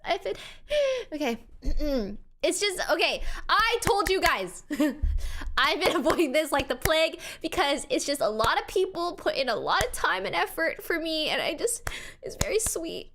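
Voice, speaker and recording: Young woman streamer, crying through casual chat, bright high voice with big swings. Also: big pitch swings, moderate pace, a little hiss or hum. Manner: tearful, laughing between thank-yous to chat.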